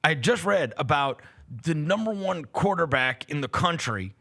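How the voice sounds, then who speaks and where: Middle-aged guy rambling through a story on his sports show, bright gravelly voice, bouncy pitch. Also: animated, normal speed. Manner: rambling anecdotes with lots of fillers and restarts, laughing as he tells it. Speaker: host.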